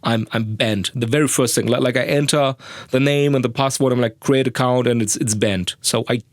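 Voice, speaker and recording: Speaking a little fast at medium pitch, a young podcast host rambles through a casual monologue, crudely poking fun at himself. German is his first language, and the sound-booth recording has no room sound.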